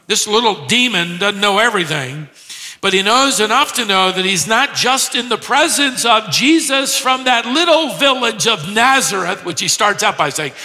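Male preacher, emphatic teaching delivery, very bright tone, rhetorical questions. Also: sits high, long reverb tail. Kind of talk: expository sermon.

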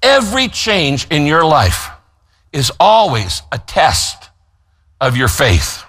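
Man, pastor, sermon, high voice, emphatic. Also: wildly swooping pitch, a bit bright. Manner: emphatic, slows down to stress key phrases; gives note-taking instructions to listeners.

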